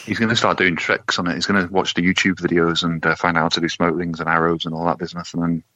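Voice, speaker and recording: A man's voice: sits low, flat delivery, fast, sharp tone, dry recording. A man co-hosting a podcast, telling stories in a laid-back, wry way with lots of swearing. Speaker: podcast co-host. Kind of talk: casual chat. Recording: dull lo-fi podcast audio.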